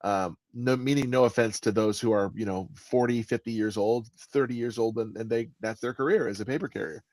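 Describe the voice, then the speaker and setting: A man speaking as the guest author in an interview, with an expressive delivery that stresses words and often restarts his sentences. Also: medium pitch, a little fast, no room sound. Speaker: guest author and audiobook narrator. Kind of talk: conversational interview answers.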